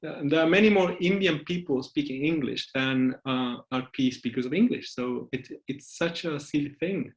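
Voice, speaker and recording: A man with a Latin American Spanish accent speaks as a guest at a conference. He talks loosely and chattily, full of fillers and quick laughs. The sound comes through a video call. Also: mid-range voice. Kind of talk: casual conference talk.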